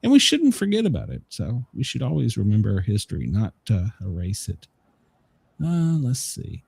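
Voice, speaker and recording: A man's voice: lowish voice, normal speed, creaky, breathy edge, dry recording. A man hosting a casual podcast who tells stories with a lot of chuckling and acts out other people's lines. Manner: animated storyteller, chuckling, mimicking people. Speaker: podcast host. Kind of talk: casual chat.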